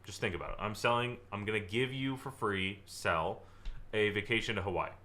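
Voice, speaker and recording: Energetic man teaching sales, bright voice. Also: fairly low pitch, a little fast, slight background noise. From Southern California. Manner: energetic, acts out client dialogue, exaggerates for effect. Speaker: sales trainer. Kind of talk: live online training presentation.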